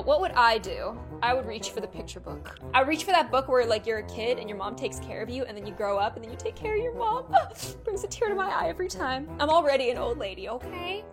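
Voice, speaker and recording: A woman's voice: high voice, a bit bright. A young woman giving chatty, dramatic commentary while playing a life-sim game, breaking into shrieks and laughs. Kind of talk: gameplay commentary.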